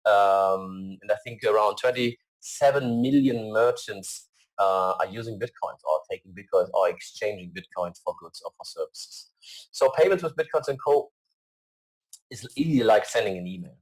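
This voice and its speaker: Halting man presenting slides, low voice. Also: rough recording. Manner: hesitant, many fillers and restarts; earnest.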